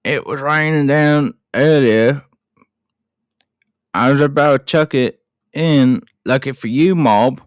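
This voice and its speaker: Brief: man doing a higher-pitched, chuckling outback bloke with an attempted Australian accent, folksy slang, dry close sound. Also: slow, pauses often, dry recording, close to an everyday voice. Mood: jovial. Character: rough-edged middle-aged male Australian bushman.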